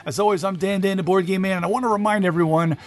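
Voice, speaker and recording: A man's voice: sits high, fairly even intonation, very fast. A man hosting a podcast, giving a casual, enthusiastic roundup of game news with many fillers. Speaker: podcast host covering board games.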